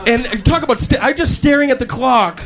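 A man doing a stand-up comedy routine, animated and acting out scenes with silly voices in front of a live audience. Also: very high voice, a little fast. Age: 19 then, now adult. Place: stage before a live audience. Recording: live club with loud crowd laughter and noise.

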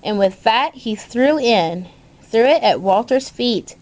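A woman reading a picture book aloud in a gentle way, pointing out the pictures to her listeners. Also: medium pitch, a little slow. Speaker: storyteller.

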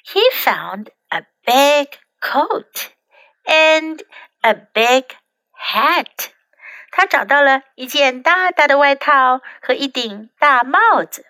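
A woman teacher reads a bilingual children's story in a slow, careful storybook style. Her voice sits a little high and bright, and the close, dry recording puts her right at the mic. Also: lively intonation, dry recording. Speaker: English teacher.

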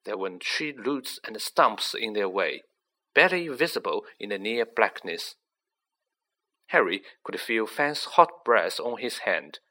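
A man's voice: on the low side, expressive, a little slow, sharp tone. A man reading a children's story aloud, narrating with acted character voices. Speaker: audiobook reader.

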